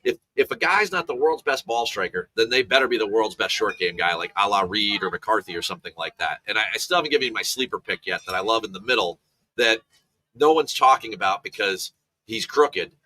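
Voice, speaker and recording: A man's voice: on the low side, expressive, fairly quick, bright, forceful tone, a little hiss or hum. A man analyzing golf for betting in a casual chat, telling rambling stories full of restarts and asides.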